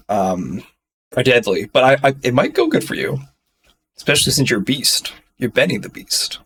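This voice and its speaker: A man's voice: medium pitch, fairly bright tone. A man playing a tabletop game, talking casually and hesitantly and cheering at good rolls. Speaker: player.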